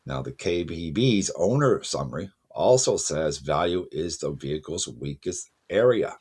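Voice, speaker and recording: Car channel host, man, very low husky voice, chatty and loose. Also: expressive, measured pace, a little mellow. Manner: conversational, self-correcting, addresses viewers as folks. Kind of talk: casual spoken commentary to camera.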